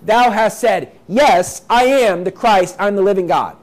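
Male preacher, very high voice, reads verses then drives points home emphatically. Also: a little slow. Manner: reads scripture aloud then explains it in plain talk; emphatic, repeats points, acts out quoted voices. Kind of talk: sermon.

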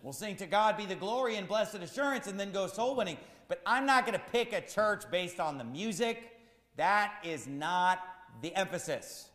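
A man's voice: sits high, lively intonation, normal speed, fairly bright tone, echoey room, big-room sound. A man preaching a sermon as pastor, firing rhetorical questions in a repetitive, emphatic cadence.

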